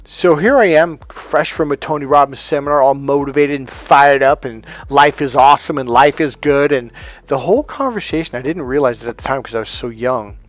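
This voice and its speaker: Male motivational coach, mid-pitched, emphatic storyteller with faint music behind. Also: brisk, dry recording. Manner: emphatic and animated, often acting out other people's lines. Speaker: life and dating coach. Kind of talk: motivational talk with personal stories.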